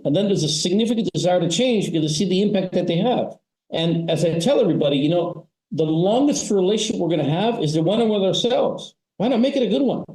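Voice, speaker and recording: A man's voice: high-pitched, darkish tone. Man talking in an echoey room. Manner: storytelling with many "you know" and "right?" tags. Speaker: guest, family business advisor. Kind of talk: conversational interview explanation.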